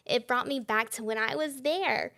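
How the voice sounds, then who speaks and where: A young woman, sharing her faith testimony as a guest in a conversational interview. She is a lively storyteller who laughs often and acts out the dialogue she quotes. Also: sits high, normal speed, creaky. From Texas.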